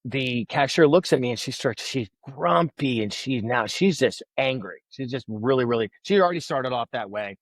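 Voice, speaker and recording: A man's voice: mid-range voice, normal speed, few pauses, no echo. A man telling a story as a podcast guest, acting out the voices of people he quotes. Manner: animated storyteller who acts out quoted voices. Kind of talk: conversational storytelling.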